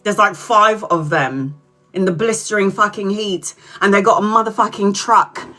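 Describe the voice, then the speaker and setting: A woman's voice: mid-range voice, normal speed, bright, forceful tone. A middle-aged woman tarot reader on a live stream, telling a story with lots of swearing and laughter.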